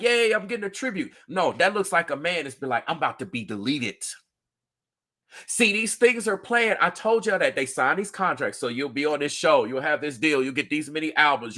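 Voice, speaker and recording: A man's voice: fairly high pitch, sharp tone. A man hosting a livestream, talking earnestly and emphatically to his viewers and repeating himself often. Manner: talks directly to viewers. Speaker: livestream host. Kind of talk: livestream commentary.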